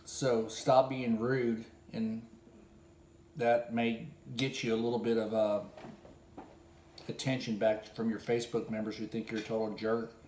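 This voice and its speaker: A man's voice: on the low side, little pitch movement, a little slow, reverberant, slight background noise. A man delivering a sarcastic, scolding critique monologue as host of a gambling video channel. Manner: sarcastic and scolding, with bursts of loud mimicry.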